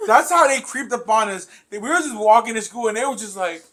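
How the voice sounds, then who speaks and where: A man's voice: high-pitched, expressive, fast, a bit bright. Laid-back man backing up a story. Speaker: podcast co-host. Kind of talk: casual chat.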